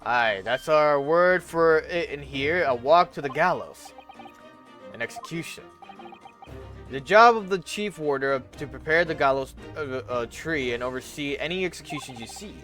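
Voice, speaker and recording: A man's voice: on the high side, moderate pace, fairly bright tone, faint music behind, close to an everyday voice. A man voicing a guarded, evasive middle-aged prison governor in an attempted Scottish accent, reading game lines aloud and tripping over words.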